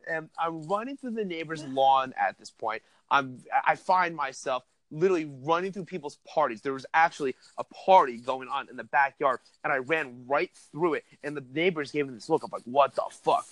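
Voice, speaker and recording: A young man telling a wild story in casual chat, animated and profane, laughing as he goes. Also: a little high, brisk, hardly any pauses, no room sound. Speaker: podcast host telling a story.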